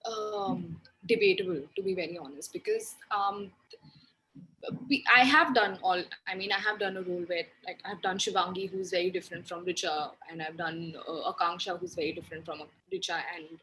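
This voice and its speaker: A woman's voice: fairly low pitch, normal speed, bright, forceful tone, slight background noise, poor audio. A young woman, an actor answering interview questions hesitantly and earnestly. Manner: hesitant, many fillers and restarts, earnest. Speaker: actor guest.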